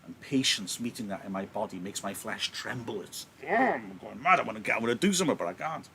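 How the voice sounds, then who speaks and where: Man reading a seething young man, slow muttering, bright edge. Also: on the low side, animated, slight background noise.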